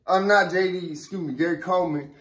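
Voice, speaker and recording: A man's voice: high-pitched, fairly even intonation, fast, fairly bright tone. A young man rambling through heated casual commentary, full of profane street slang, restarts and fillers, getting emphatic when riled up. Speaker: vlogger. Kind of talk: casual ranting commentary to camera.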